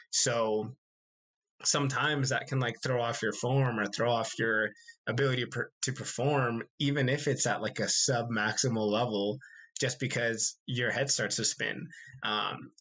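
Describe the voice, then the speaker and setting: A man's voice: mid-range voice, slightly rough. A young man co-hosting a podcast, chatting casually and rambling with lots of fillers. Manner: relaxed, rambling with frequent fillers and laughs. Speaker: podcast co-host. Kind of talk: casual chat.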